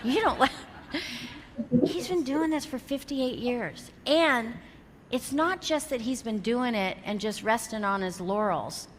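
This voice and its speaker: A woman's voice: fairly high pitch, slow pace. A woman in her fifties giving a motivational keynote to a live audience, telling stories animatedly and acting out the dialogue. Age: 50s. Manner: animated storyteller who acts out quoted dialogue. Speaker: motivational seminar speaker. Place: large hall with an audience. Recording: long hall reverb, faint background noise.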